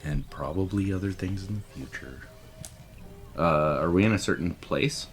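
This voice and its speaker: A man's voice: sits low, moderate pace, soft background music. A man playing a tabletop role-playing game, joking around with snarky asides. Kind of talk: casual tabletop game chat.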